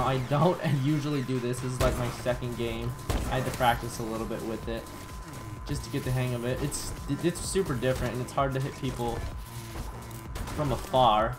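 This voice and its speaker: A man giving chatty, excitable commentary on his own gameplay, with bursts of surprise and self-mocking asides. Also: mid-range voice. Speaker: gaming YouTuber. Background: background music.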